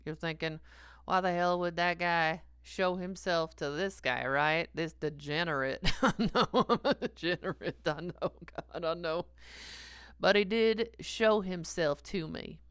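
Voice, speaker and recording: A woman's voice: fairly low pitch, a little slow, a bit bright, smooth, dry recording, studio quality. A woman playing a sleazy, confessional 48-year-old male pastor who rambles hesitantly, with lots of fillers, and chuckles at himself. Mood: rambling. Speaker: comedic character sermon. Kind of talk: stream-of-consciousness comic sermon.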